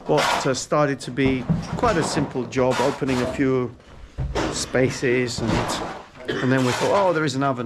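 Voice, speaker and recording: A man's voice: mid-range voice, very noisy. A man hosting a vlog, enthusiastically walking viewers through properties and building work and explaining as he goes. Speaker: property consultant vlogger.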